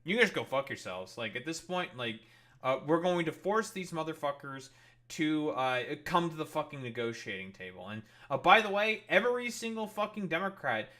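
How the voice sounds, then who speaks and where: A man's voice: fairly high pitch, very animated, moderate pace, pushed and bright. A man streaming heated, profane political commentary in a blunt, ranting way.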